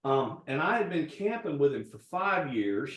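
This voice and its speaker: Man, fairly high voice, rambling anecdotes, chatty cooking talk, echoey room. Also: sing-song, moderate pace. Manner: rambling, anecdotal, laughs while telling. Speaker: guest chef. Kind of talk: casual storytelling while cooking. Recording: roomy echo.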